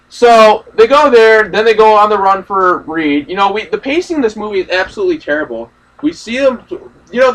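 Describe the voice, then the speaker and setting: A man's voice: high-pitched, a bit bright, far from the mic, low-quality recording. A young man ranting in a casual, profane, rambling way about a film he just saw. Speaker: movie reaction host. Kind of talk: casual ranting movie discussion.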